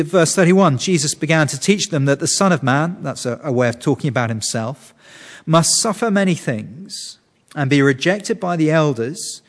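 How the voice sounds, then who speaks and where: Male preacher, slightly high voice, earnest and explanatory, in a reverberant hall. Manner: earnest, explanatory, with frequent restarts. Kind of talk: sermon.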